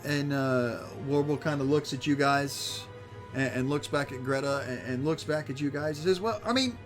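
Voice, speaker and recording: A man narrating as game master for a tabletop game, with halting, filler-heavy delivery. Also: medium pitch, level tone, soft background music.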